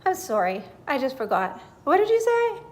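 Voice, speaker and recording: A woman voicing a shy, forgetful round bird that is slow to think, with a puzzled, halting manner. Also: sits high, very animated, darkish tone, voice pushed up.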